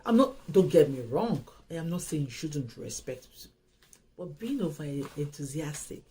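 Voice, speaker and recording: A woman giving casual advice on love, animated and emphatic, often repeating herself. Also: low voice, moderate pace, slight background noise, poor audio. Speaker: host.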